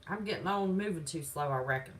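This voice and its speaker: A channel host with a West Virginia Southern accent livestreams from indoors at her home, reading chat in a sassy, defiant, folksy manner. Her low voice is fast and far from the mic, and the recording quality is low.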